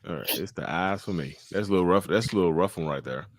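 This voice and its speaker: A man's voice: low-pitched, quick pace, dry recording. A man hosting a casual podcast chat, reacting bluntly and cursing freely. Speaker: podcast host.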